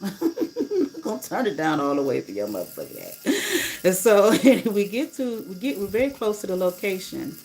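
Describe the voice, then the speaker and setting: A woman's voice: medium pitch, wildly swooping pitch, moderate pace, darkish tone, rough recording. A woman on a casual livestream, telling a story bluntly and indignantly and swearing freely. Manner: blunt, profane, indignant retelling. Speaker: livestreamer and rideshare driver.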